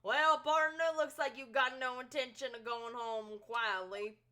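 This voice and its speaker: A woman voicing a gruff, territorial middle-aged male cowboy sheriff, with a folksy Western drawl. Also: a little high, fairly even intonation, measured pace, pushed and bright.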